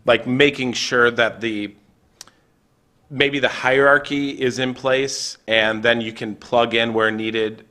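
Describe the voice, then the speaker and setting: A man's voice: medium pitch, fairly even intonation, slow, sharp tone. A man speaking as a county supervisor at a board meeting, earnest and hesitant, with fillers. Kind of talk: public meeting remarks.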